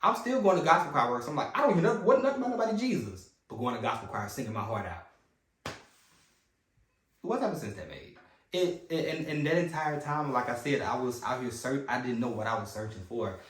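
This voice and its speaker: A man's voice: medium pitch, animated, a little fast, a bit bright. A man in his twenties telling a personal story on a podcast, candid and acting out his past thoughts and what others said. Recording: roomy echo.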